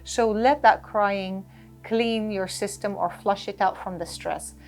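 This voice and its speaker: A woman's voice: mid-range voice, slow, faint music behind. A woman guest in an interview, talking earnestly about handling stress and acting out little scenes to make her point. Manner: earnest, animated, advice-giving with acted-out examples. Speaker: interview guest, life coach. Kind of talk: conversational interview.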